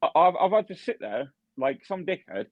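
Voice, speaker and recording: Here a young podcast co-host, who works as a barman, tells a story in casual conversation with a fairly high, sing-song voice at a moderate pace. He swears a lot and is full of fillers and restarts. It's captured on a dry, dull, lo-fi podcast mic.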